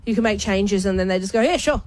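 A woman's voice: medium pitch, flat delivery, fast talker, a little mellow, no echo. A woman co-hosting a radio show with giggly, teasing banter.

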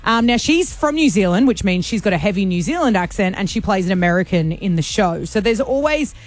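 A woman's voice: medium pitch, lively intonation. An Australian woman co-hosting a radio show, chatty and teasing, talking into a studio microphone. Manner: chatty, teasing, quick to laugh. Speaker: radio co-host. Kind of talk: casual radio banter.

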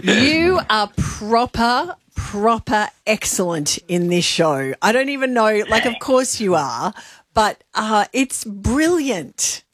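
A woman's voice: medium pitch, very animated, slow, no room sound. A woman co-hosting a radio show, gushing with enthusiasm as she asks the guest questions. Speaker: radio host. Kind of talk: radio interview chat. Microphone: studio microphone.

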